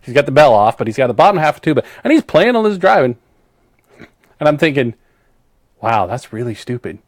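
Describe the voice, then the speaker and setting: Male co-host, animated storyteller, dry close sound. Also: a little high, fast, no echo. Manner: animated storyteller, acts out callers. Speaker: podcast co-host. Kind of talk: casual chat.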